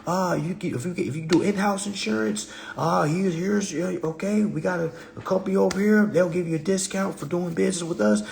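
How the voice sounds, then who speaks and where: A man's voice: high-pitched, fairly quick, gravelly, few pauses, a little mellow, a little hiss or hum. A man doing a hemming company sales rep. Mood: pitching. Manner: hesitant, full of fillers. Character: smooth-talking male company sales rep.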